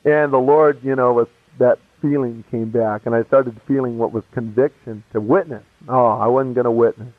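A man describes his conversion in a storytelling testimony, casual and animated, acting out the voices of everyone involved. His mid-range voice keeps a moderate pace with few pauses, and the dry recording sounds tinny and phone-like.

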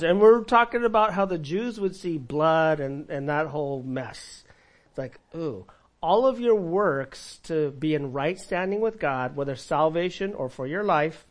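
Male pastor, slightly high voice, sermon with call-and-response, big volume swings.

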